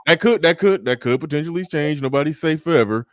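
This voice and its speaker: A man hosting a casual livestream, reading out viewer comments and chatting in a relaxed way. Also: on the high side, quick pace, no room sound, studio quality. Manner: relaxed, reads out super chats. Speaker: livestream host.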